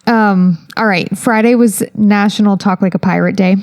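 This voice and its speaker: A woman co-hosting a podcast, running through a list of weekly holidays in casual banter with quick jokes. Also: medium pitch, steady tone, darkish tone, dry recording, clean studio sound. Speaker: podcast co-host.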